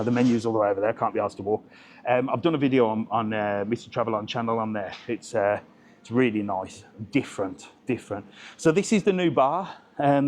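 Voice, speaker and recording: A man's voice: mid-range voice, darkish tone. A man, chatting cheekily with passers-by as he walks through an outdoor market and marina for his travel vlog. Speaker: travel vlogger. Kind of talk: casual walking vlog.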